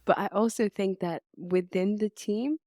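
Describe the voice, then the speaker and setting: A woman's voice: mid-range voice, normal speed, no room sound. Chatty woman co-host, dry recording. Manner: warm, often checks in with "does that make sense?". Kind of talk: casual conversation.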